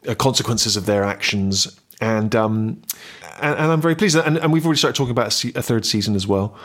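Middle-aged male guest, Bristol West Country accent, mid pitch, halting and self-correcting delivery. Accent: Bristol West Country English. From Bristol, West Country, England. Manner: hesitant, many restarts and filler words. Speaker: interview guest, actor and writer. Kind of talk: radio interview.

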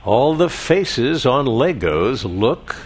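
A man on a radio quiz show, reading limericks in a steady rhythm. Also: medium pitch, slow pace, a crowd in the background.

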